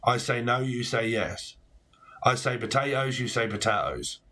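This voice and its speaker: Speaking at a measured pace with a level tone, a forties-aged man reads tarot casually, his medium-pitched voice bright and forceful. He rambles, cracks puns, and swears a lot.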